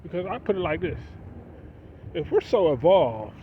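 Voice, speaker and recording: A man's voice: on the high side, sing-song, moderate pace. A man talking casually to his viewers in a preachy monologue, firing off rhetorical questions. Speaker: vlogger. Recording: dull lo-fi sound with faint street noise.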